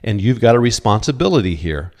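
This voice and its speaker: A man's voice: on the low side, big pitch swings, fast talker, darkish tone. A middle-aged man preaching a sermon as a pastor, earnest and quoting scripture, often stammering on repeated words. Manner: cites scripture verses.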